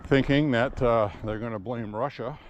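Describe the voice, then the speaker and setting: Strolling outdoors through town, a walking vlogger offers a loose, opinion-filled monologue in a medium-pitched voice at a moderate pace. His chest-strapped camera captures audio with the highs cut off and slight background noise.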